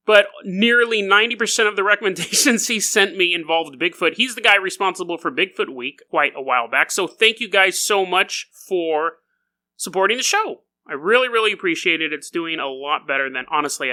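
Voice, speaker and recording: Animated, bright-voiced male podcast host. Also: sits high. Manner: goofy and animated, laughing as he talks. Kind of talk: comedic storytelling monologue.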